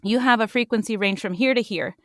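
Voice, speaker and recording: A woman's voice: mid-range voice, a little fast, a bit bright, no room sound, studio quality. A woman in her forties, a voice actor guest, chatting animatedly and demonstrating vocal tones as she explains. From Puerto Rican heritage. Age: 40s. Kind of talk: casual podcast chat.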